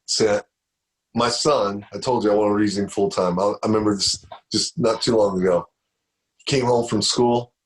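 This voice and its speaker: A man's voice: lowish voice, fairly even intonation, normal speed. A middle-aged man giving a motivational speech on stage, telling stories and repeating phrases for emphasis. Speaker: motivational speaker.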